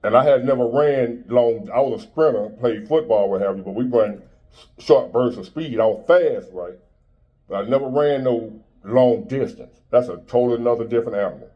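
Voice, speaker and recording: A man's voice: medium pitch, normal speed, muffled recording. A man in his fifties giving a blunt, preachy motivational monologue in street-style talk. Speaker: motivational speaker.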